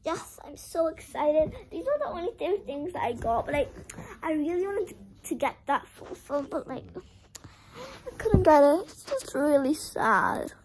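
Chatty young girl with a lively, high voice. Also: measured pace, a little hiss or hum, poor audio. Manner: chatty, heavy use of "like", dramatic about being sad. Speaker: vlogger. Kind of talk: casual haul vlog.

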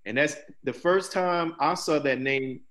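A man's voice: a little high, unhurried, a bit bright. Man interviewing with brief affirmations. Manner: brief affirming reactions, wraps up to keep on schedule. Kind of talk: casual interview.

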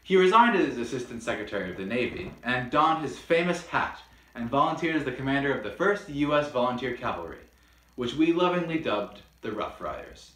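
A man's voice: medium pitch, sing-song, a little fast, a bit bright. Playful man hosting a history lesson. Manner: playful, with mock-dramatic outbursts. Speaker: history video host. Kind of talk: scripted history lesson with jokes. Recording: roomy echo.

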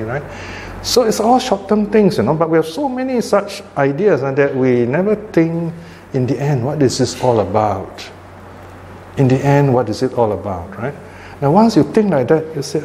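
An older man gives a relaxed Buddhist dharma talk and keeps checking in with his listeners. The voice carries a long hall reverb, and a faint hum of room ambience sits underneath. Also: mid-range voice, normal speed. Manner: conversational, frequent "you know" and "right?" tags. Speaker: Buddhist teacher.

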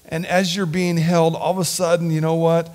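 A man preaching a sermon and leading a prayer in a church, earnest and heartfelt, sometimes sinking to a hushed whisper. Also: a little high, little pitch movement, normal speed. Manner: earnest, drops to a hushed whisper at tender points. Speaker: lay preacher. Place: church sanctuary.

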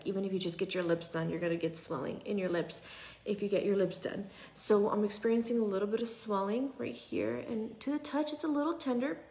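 Chatty young woman with a gravelly voice. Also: mid-range voice, darkish tone. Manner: chatty, repeats "you guys", drops to a near whisper at times. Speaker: patient sharing her recovery. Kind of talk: casual selfie vlog. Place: at home indoors.

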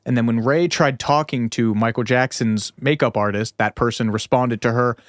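A man's voice: medium pitch, fairly even intonation, moderate pace, no room sound, studio quality. A man co-hosting a podcast, telling stories in a playful, casual way. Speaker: podcast co-host. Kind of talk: casual chat.

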